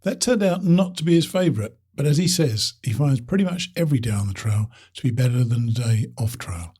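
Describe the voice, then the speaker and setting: A man hosting a hiking podcast, chatty and quick to laugh as he introduces and interviews a guest. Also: medium pitch, animated, warm tone, husky. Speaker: podcast host.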